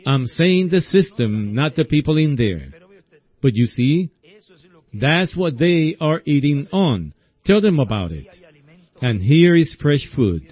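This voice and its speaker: Slow folksy preacher man, lo-fi recording. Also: fairly high pitch, big pitch swings, slightly rough. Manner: slow folksy storytelling, keeps asking "see?". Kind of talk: sermon. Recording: dull lo-fi recording.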